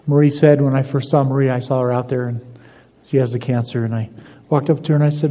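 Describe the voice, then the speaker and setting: An older man preaching a sermon as pastor, telling stories and moving between emphatic lines and soft, confiding ones. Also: mid-range voice, fairly even intonation, fast talker. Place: church sanctuary. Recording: dull lo-fi recording in a reverberant church hall.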